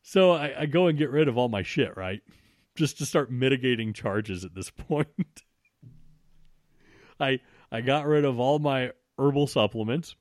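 A man's voice: mid-range voice, measured pace, no room sound, clean studio sound. A man casually telling a story, swearing freely and restarting his sentences as he goes. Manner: swears freely, frequent restarts, animated retelling.

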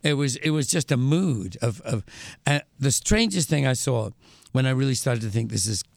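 Gravelly older English man, dry close sound. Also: mid-range voice, animated, no echo. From England. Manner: measured, wry anecdotes with frequent restarts. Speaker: guest, author and musician. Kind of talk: conversational storytelling interview.

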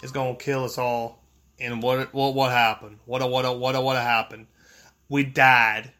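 A man giving profane, excitable let's play commentary, muttering to himself and yelling when he panics. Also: mid-range voice, measured pace. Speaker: gameplay streamer.

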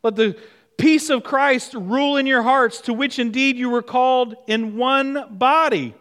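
A man with a high, bright voice preaches an earnest sermon. He tells stories with swings from ringing emphasis to soft, low asides. His voice carries a long reverb through a large hall. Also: a little slow. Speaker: pastor.

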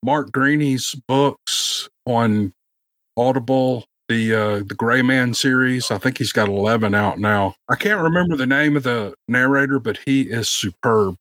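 A man with a Memphis Southern accent talks in a rambling, easygoing way as a podcast guest. His voice sits at a middle pitch. It is recorded dry on his own home microphone. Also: a little slow, a bit bright, no echo. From Memphis, Tennessee. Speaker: guest, audiobook narrator. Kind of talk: casual podcast chat.

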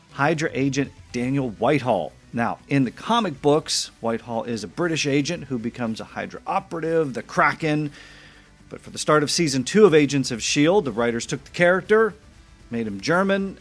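An eager man hosts a podcast, moving from a read intro to excited fan questions. His voice sits mid-range and plain. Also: mid-range voice. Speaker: podcast host. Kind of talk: scripted intro and casual interview.

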